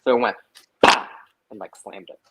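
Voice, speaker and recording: A man's voice: mid-range voice, moderate pace, very noisy. A young man, a guest on a live stream, telling a story in casual chat, swearing a lot and filling with "like". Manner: profane, lots of "like" fillers.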